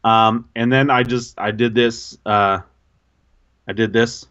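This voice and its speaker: A man co-hosting a podcast, telling an embarrassing story in casual, animated, self-mocking chat. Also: mid-range voice, takes it slowly, dull audio. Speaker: podcast co-host.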